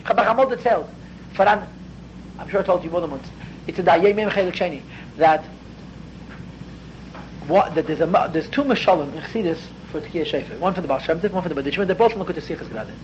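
A man's voice: high-pitched, quick pace, long pauses. A man teaching a Hasidic text class, explaining earnestly and growing more intense as he goes. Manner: earnest, explanatory, dense with Hebrew and Yiddish terms; grows intense and raised toward the end. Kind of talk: spoken study lecture. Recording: dull lo-fi with faint background noise.

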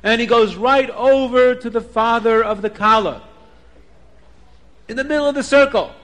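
High-voiced man telling a folk tale. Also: normal speed, big-room sound. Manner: animated, sprinkled with Yiddish words. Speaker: storyteller. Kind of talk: oral folk storytelling.

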